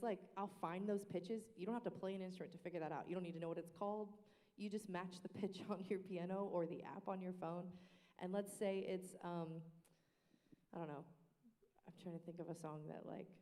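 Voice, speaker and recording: A woman who leads a worship team, sharing practice tips on a panel in a lively, expressive way. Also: fairly low pitch. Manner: lively and expressive, breaking into sung demonstrations. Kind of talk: casual panel discussion. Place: church worship space. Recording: echoey hall reverb.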